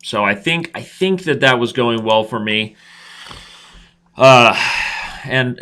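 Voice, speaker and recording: A man's voice: on the low side, slow, sharp tone, clean tone. A man in his thirties hosting a live chess stream, commentating his own games with playful trash talk and asides to viewers.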